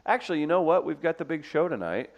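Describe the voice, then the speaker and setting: A man's voice: a little high, sing-song, quick pace. A young man co-hosting a radio podcast in a loose, joking way. He reads promos and giveaways in the same easy tone he uses for his banter. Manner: jokey, easygoing, reads out promos. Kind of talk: casual chat.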